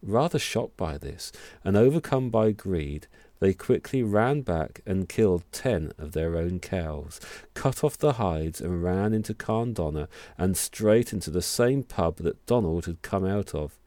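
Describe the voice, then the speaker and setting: A man tells a folk tale at a measured pace. His voice sits low with a dark, mellow timbre. The recording is dry and close. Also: lively intonation, no echo. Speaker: storyteller. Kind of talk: storytelling narration.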